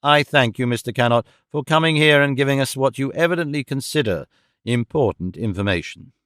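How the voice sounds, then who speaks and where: A man voicing a composed coroner who speaks in a formal, measured way. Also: medium pitch, animated, fairly bright tone, clear, resonant tone, dry recording, clean studio sound, close to an everyday voice.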